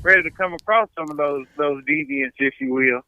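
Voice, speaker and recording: A man, a comedian guest chatting on a podcast and telling stories in an animated way, stumbling over repeated words. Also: a little high, fairly quick, dry recording, phone-quality sound. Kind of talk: casual podcast chat.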